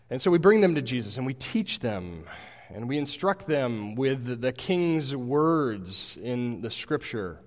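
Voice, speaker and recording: A man in his thirties preaching a sermon, earnest and halting, often repeating words as he goes. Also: mid-range voice. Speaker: pastor. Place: church sanctuary. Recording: long hall reverb.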